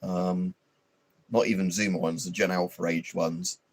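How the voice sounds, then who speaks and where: A man's voice: sits low, level tone, unhurried, no room sound. A man hosting a livestream, rambling and swearing in an opinionated, casual chat full of fillers. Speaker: livestream host.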